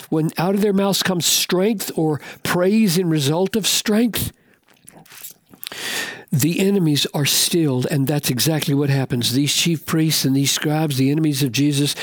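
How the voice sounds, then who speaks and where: A man preaching a sermon in an earnest, emphatic way, slowing down to stress key words and repeating questions for effect. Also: fairly high pitch, no echo.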